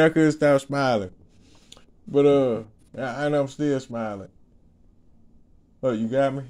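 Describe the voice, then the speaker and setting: Man, mellow voice, casual rambling testimony, laughs a lot, slangy, repeats "you know what I'm saying". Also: mid-range voice, moderate pace. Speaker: ministry speaker.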